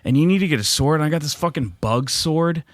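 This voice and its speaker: A man's voice: a little high, animated, fast, no echo, studio quality. A young man hosting a podcast in casual, brash banter, swearing freely and teasing his co-host. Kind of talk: casual chat.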